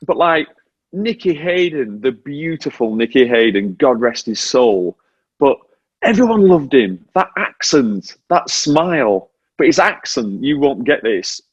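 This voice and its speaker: Unhurried and slightly rough-voiced, a British former motorcycle racer in his forties chats as a guest over a remote link. His medium-pitched British English carries animated, self-deprecating anecdotes. There is no room sound, and the audio is dull.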